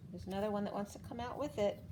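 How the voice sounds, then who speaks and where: A woman giving a casual spiritual card reading, chatty and quick to laugh, with emotional asides. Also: medium pitch, noisy background.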